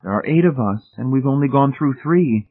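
A man voicing a tense, sharp-tongued young married woman who speaks in an objecting way. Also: mid-range voice, lively intonation, normal speed, voice pushed up. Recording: tinny phone-like sound.

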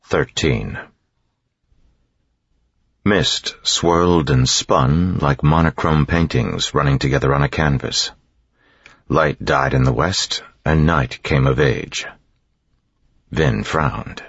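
A man reading a novel aloud as an audiobook narrator, in a steady, even way, with a dull, dry studio sound. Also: rumbling low, takes it slowly, pauses often, husky, dry recording. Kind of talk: scripted narration.

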